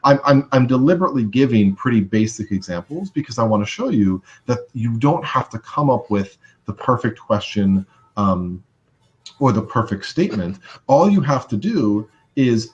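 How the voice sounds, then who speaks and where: A man's voice: on the low side, animated, normal speed, muffled recording. A man teaching social skills in a live webinar, casual and conversational with many fillers.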